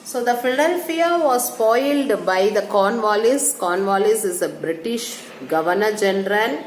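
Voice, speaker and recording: A woman teacher giving a history lecture, halting and restarting her phrases and repeating dates as she explains. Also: mid-range voice, expressive. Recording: echoey room with faint hum.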